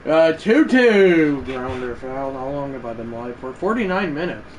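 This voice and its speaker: A man's voice: medium pitch, expressive, a little slow, a little hiss or hum. A man giving casual play-by-play commentary on a baseball video game livestream, chatty and prone to correcting himself mid-sentence. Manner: chatty, self-correcting, with side remarks.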